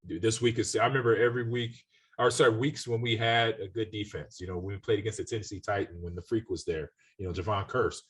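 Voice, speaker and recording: A man in his forties co-hosting a casual sports podcast, telling relaxed stories from his playing days. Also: fairly low pitch, fast, slightly rough. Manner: relaxed storyteller, quotes coaches, laughs easily. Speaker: podcast co-host, former NFL running back.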